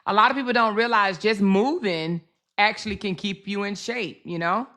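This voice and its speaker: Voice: mid-range voice, moderate pace, bright, forceful tone. A host commenting casually on a livestream clip, chatting straight to the audience.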